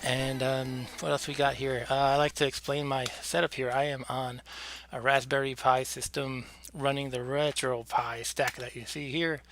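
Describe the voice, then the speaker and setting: A man's voice: mid-range voice, level tone, a bit bright, slight background noise. A man hosting a casual live game stream from home, out of breath, chatty and joking with asides. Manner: chatty, self-deprecating, with fillers and quick asides.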